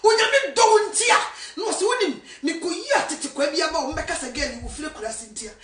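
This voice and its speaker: A woman evangelist from Ghana, preaching fervently and swinging between shouting and a hush. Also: high voice, lively intonation, fast talker, recorded from a distance. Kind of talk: impassioned sermon. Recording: echoey room, voice from afar.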